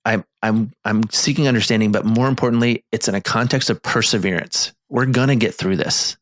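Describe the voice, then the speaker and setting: Low-voiced man, earnest therapist chat. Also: a little fast, fairly bright tone, dry recording, clean studio sound. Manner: earnest, explains with many restarts and fillers. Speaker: marriage therapist and podcast co-host. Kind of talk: casual chat.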